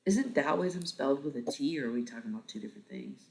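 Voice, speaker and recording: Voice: mid-range voice, lively intonation, quick pace, creaky, darkish tone. A livestream host in their thirties, chatting casually with viewers, rambling, swearing freely and laughing often.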